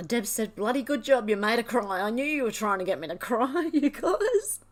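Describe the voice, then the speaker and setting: A woman's voice: a little high, animated, a little fast. Tearful woman reading live comments. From Australia. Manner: emotional, tearful, reads viewer comments aloud. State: crying. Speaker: livestream host. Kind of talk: casual live chat, reading comments aloud.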